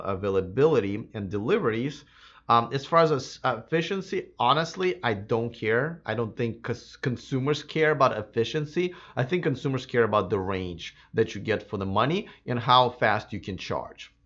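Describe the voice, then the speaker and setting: A man hosting a live electric car stream, answering viewer comments in a casual, chatty way, slightly hoarse. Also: mid-range voice, fairly bright tone, muffled recording. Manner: casual and chatty, many fillers and restarts. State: slightly hoarse, losing his voice.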